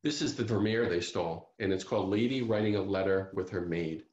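A man tells a true crime story at an author talk, pausing on fillers and restarting his sentences as he goes. His voice sits a little low. The sound comes through a video call, echoey and muffled. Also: a little mellow. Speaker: author giving a library talk. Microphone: computer mic on a video call.

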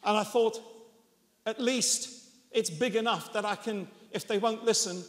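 A man from England, in his sixties, preaches unhurriedly in a high-pitched voice. He's a self-mocking storyteller who chuckles along the way, recorded with the long reverb of a church hall.

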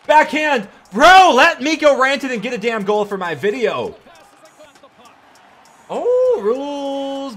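A young man giving excited, hyped commentary over his own hockey video game, yelling at big plays and joking with crude words. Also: extremely high pitch, a little slow. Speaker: gaming YouTuber. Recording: faint music behind.

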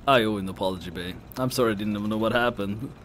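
A man's voice: fairly low pitch, fairly bright tone, slight background noise, natural voice. A man voicing a drunk, clingy young female cat, slurring and dragging out his words. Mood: drunk, pleading. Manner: slurred, drawn-out, whiny.

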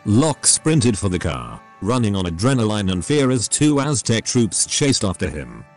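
Brief: synthetic male narrator, low-pitched, lively pitch swings, reads scripted story narration. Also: moderate pace, faint music behind. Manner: steady machine-read delivery. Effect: synthetic text-to-speech voice.

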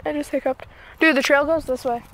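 A woman's voice: high-pitched, steady tone, a little fast, a little hiss or hum. A woman filming on a forest trail with a handheld camera, chatting casually and giggling often. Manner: giggly, teasing. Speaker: camera person. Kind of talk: casual chat while hiking and filming.

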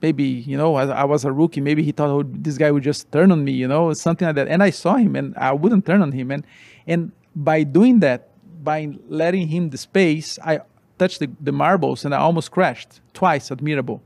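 A man, a former racing driver guest telling his story in halting, animated with many restarts. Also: a little high, vocal fry, no room sound. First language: Portuguese. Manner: animated, halting non-native English with restarts. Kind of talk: interview storytelling.

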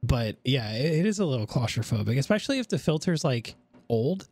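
Casting: male army veteran guest, lively anecdotal storyteller, dry close sound. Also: mid-range voice, slightly rough, no echo. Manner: lively storyteller, quick asides. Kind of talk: casual podcast chat.

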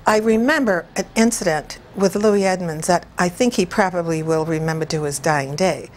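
An older woman, a television director, reminiscing in an interview with unhurried, anecdotal storytelling and frequent chuckles. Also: on the low side.

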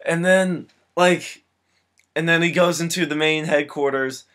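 A man's voice: on the high side, a little slow. Rambling young man recapping a movie. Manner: rambling, filler-heavy, gets excited and laughs. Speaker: film reviewer.

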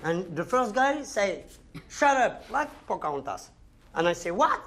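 Brief: high-pitched French-accented jailbird, all bluster, stumbling broken English. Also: male voice, very animated, a little slow, fairly bright tone, heavily acted. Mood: storytelling. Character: boastful French inmate, jittery and comically tough. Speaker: actor in film scene. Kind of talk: film comedy acting.

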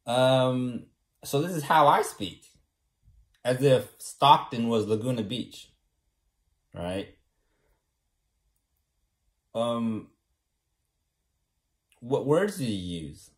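A young Californian vlogger talks casually to the camera, rambling with self-assurance and often tagging his points with "right?". His mid-range voice is animated but extremely slow, with long pauses.

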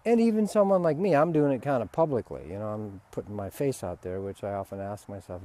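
A man, a spiritual teacher, giving a relaxed, candid talk and swearing freely. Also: fairly low pitch, quick pace, hardly any pauses.

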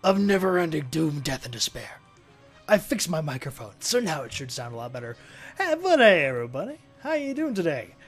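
A man recording let's play commentary as a gaming video host, excitable and exclaiming and laughing often. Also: a little high, a little fast, faint music behind.

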